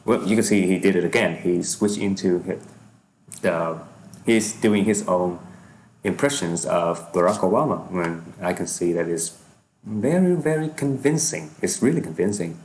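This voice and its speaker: A man's voice: sits low, moderate pace, darkish tone, slight background noise. A man giving reaction commentary on a comedy clip, hesitant and often repeating himself. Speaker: video reactor.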